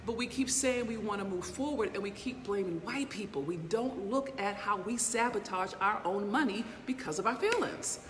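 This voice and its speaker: A woman's voice: medium pitch, moderate pace, hardly any pauses. Middle-aged woman motivational speaker, emphatic and profane, talking straight to viewers. Long reverb tail on the voice. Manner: emphatic, blunt and profane, full of rhetorical check-ins. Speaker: inspirational speaker and business mentor. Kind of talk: motivational livestream talk. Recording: long reverb with faint background noise.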